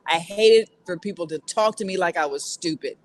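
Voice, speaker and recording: A woman's voice: on the low side, normal speed. A woman co-hosting a casual panel chat, emphatic and lecturing. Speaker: co-host.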